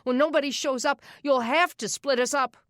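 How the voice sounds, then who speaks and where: A defiant teenage boy guards his younger siblings with a proud, defensive edge, as a woman narrating an audiobook acts him out. His voice sits above her own and pushes louder. The sound is dry and close. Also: sits high, normal speed, dry recording, voice pushed up. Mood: upset, defiant.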